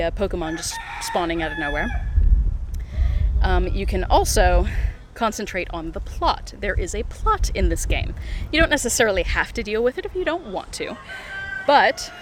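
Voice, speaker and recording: An American streamer playing a mobile game live wanders city streets with a phone, chatting in a mid-range, slightly bright voice. Giggles and fillers come often, and a little background noise can be heard.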